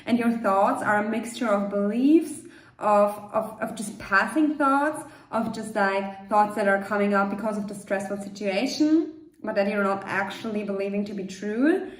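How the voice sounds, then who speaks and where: A woman coach leading a guided meditation, speaking gently and reassuringly in a loose, unscripted way with frequent fillers. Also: mid-range voice, normal speed. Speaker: manifestation coach. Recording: roomy echo.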